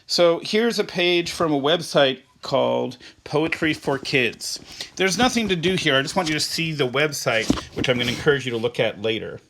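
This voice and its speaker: A male teacher runs an online class, patiently asking students simple questions and reading short poems aloud. His voice is fairly high and a bit bright, with lively intonation and normal speed. The recorded class has slight background noise.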